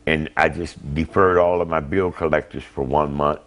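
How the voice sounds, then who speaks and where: An older man, a grandfather, giving halting, emotional answers in a TV interview. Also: extremely low pitch, steady tone, a bit bright. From Ohio. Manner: plain, halting, retells phone calls.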